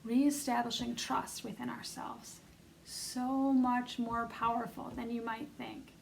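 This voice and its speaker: A middle-aged woman leads a conversational self-help session, earnest and encouraging as she speaks straight to her listeners. Her voice sits a touch high and carries a gravelly fry. A faint hiss of noise sits under her words. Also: little pitch movement, slow pace, low-quality recording. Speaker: self-love coach leading an online bootcamp.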